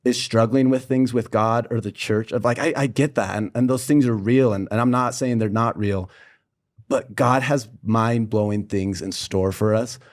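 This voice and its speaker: A young man talking on a podcast at an ordinary pitch, sharing a childhood story with lots of animation. He acts out the people in it and speaks in a relaxed, conversational way. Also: normal speed. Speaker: podcast co-host. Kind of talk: casual podcast chat, personal storytelling.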